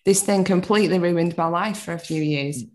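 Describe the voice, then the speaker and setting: A woman's voice: fairly low pitch, moderate pace, darkish tone. A British woman in her thirties chatting casually as a podcast guest, laughing often and swearing lightly. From United Kingdom. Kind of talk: casual chat.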